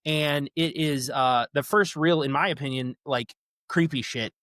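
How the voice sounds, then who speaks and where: A man co-hosting a podcast, retelling horror movie scenes in an animated, casual way, swearing now and then. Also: a little high, measured pace, no room sound, clean studio sound. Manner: animated storytelling, swears, says yeah a lot. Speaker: podcast co-host. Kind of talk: casual movie recap chat.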